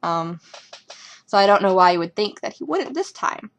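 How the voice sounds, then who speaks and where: A young woman talking casually as a fan reviewing a TV episode, rambling and excitable with lots of ums and likes. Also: mid-range voice, normal speed, slight background noise. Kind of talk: casual fan reaction commentary.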